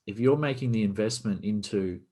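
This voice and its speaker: A man's voice: lowish voice, brisk, warm tone. A man from Australia, a podcast guest, explaining business operations in a casual video-call conversation and posing rhetorical questions.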